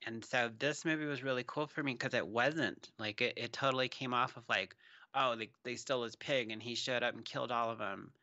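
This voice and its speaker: A man's voice: medium pitch, a little fast, pushed and bright, highs cut off. A man co-hosting a podcast in casual chat, rambling and trailing off into fillers. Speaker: podcast co-host.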